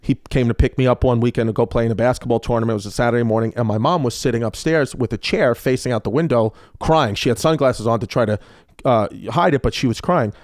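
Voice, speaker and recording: A man in his thirties, a comedian guest on a podcast, telling stories in a casual, animated and profane way. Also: medium pitch, fast talker, dry recording, clean studio sound. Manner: animated, profane, loose with fillers. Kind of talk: casual storytelling.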